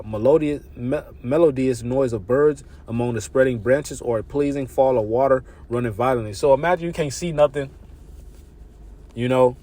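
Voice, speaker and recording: A man reading scripture verses haltingly and commenting on them in a loose, slangy preaching style that builds excitement. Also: mid-range voice. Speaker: religious teacher.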